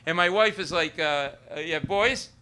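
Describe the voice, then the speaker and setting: A man's voice: a little high, normal speed, sharp tone, clean tone. A middle-aged man doing a stand-up comedy set on a club stage, rambling and profane, acting out both sides of arguments. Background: audience laughter.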